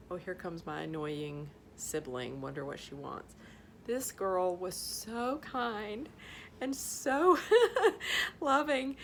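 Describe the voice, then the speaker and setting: A woman's voice: mid-range voice, fairly bright tone, slight background noise. A middle-aged woman telling a heartfelt story in a casual vlog, emotional, laughing and tearing up, acting out the voices of the people she quotes. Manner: acts out voices in quoted lines. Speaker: vlogger sharing a school story.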